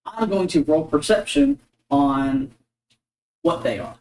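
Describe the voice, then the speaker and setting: A man's voice: extremely high pitch, sing-song, slow pace, vocal fry, a little mellow, roomy sound. A man playing a tabletop game, chatting casually and joking around. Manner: joking, laughs often. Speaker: player.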